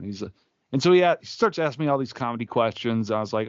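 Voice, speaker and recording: Male comedian co-host, rambling storyteller, mid-pitched, dry and muffled podcast sound. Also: quick pace, clear, resonant tone, dry recording. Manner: rambling anecdotes with restarts and acted-out quotes. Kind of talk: casual podcast banter.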